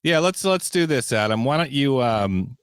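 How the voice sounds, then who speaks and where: A man's voice: medium pitch, animated, moderate pace, clear, resonant tone, no room sound. Man, podcast co-host, teasing, rambling, dry close sound. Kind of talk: casual comedic chat.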